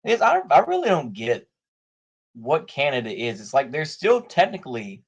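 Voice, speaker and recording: A man's voice: medium pitch, huge pitch swings, moderate pace, vocal fry, husky. A man talking casually in rambling political commentary, full of "you know" fillers and frequent laughs.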